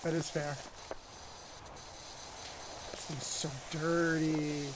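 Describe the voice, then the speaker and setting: A woman with a low voice and little pitch movement hosts a live game stream over background noise. She chats casually with a co-host, greets viewers, and rambles with quick asides to chat.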